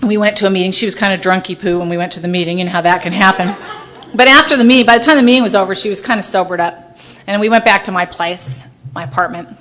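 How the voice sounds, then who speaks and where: A woman's voice: medium pitch, fast talker, a bit bright. A woman lawyer sharing her personal recovery story with an audience, self-mocking and often laughing at her own story. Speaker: speaker at a recovery meeting.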